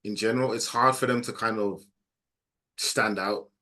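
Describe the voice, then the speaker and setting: A man's voice: lowish voice, steady tone, normal speed, bright, forceful tone. A man with a Birmingham accent, a guest pundit in a laid-back, casual football chat.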